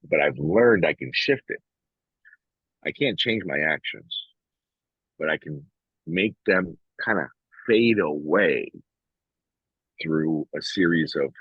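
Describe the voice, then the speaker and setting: Low husky man talking bluntly. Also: dry recording, highs cut off. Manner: frank, blunt, swears freely; reflective, with many restarts. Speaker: podcast co-host. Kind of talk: casual podcast conversation.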